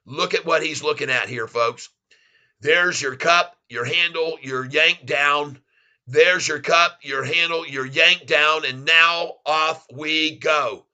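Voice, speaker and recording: An excitable man with a Southern drawl hosts a casual live stream, gushing thanks at his viewers. His voice is very bright and forceful, pitched a bit high for a man. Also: clean tone. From Florida, US. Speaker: livestream host.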